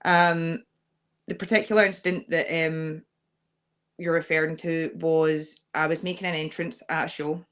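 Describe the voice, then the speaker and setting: A woman's voice: fairly low pitch, fairly bright tone. A young adult Scottish woman, a wrestler guest on a podcast interview, speaking candidly and earnestly with frequent fillers. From Scotland.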